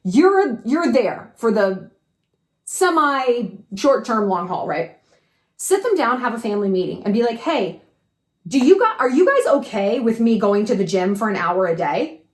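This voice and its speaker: Frank, animated woman in an echoey room. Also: a little high, measured pace. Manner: frank and animated, swears freely, fires rhetorical questions. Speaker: advice vlogger. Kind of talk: casual advice monologue.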